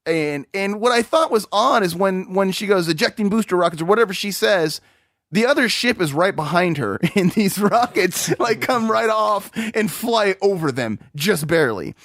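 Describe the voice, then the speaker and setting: A young man co-hosting a casual movie review chat, animated and laughing as he mocks the film. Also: high voice, normal speed, dry recording, clean studio sound. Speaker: podcast co-host.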